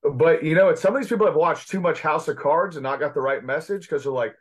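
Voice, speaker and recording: A man's voice: on the high side, fast talker. A man in casual podcast chat, sarcastic and swearing freely, acting out quoted voices.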